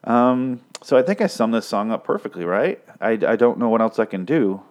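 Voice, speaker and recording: A man giving a mock-serious, faux-scholarly breakdown of song lyrics in a deadpan comedic style. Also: mid-range voice, moderate pace. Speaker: comedic commentator.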